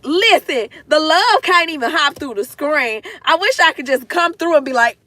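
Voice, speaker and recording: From her parked car, a woman chats casually with her livestream viewers, speaking straight to the chat in an emotional, gushing way, close to tears. Her high-pitched voice is pushed and bright, with lively intonation and a moderate pace, and no room sound is heard.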